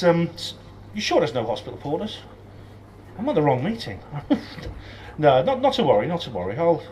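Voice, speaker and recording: A man's voice: mid-range voice, slight background noise, rough recording. A Welsh-born man who has lost his Welsh accent, giving a talk to a live audience in a pub function room, hesitant with many ums and joking asides. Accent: English, lost Welsh accent. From Wales. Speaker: guest speaker.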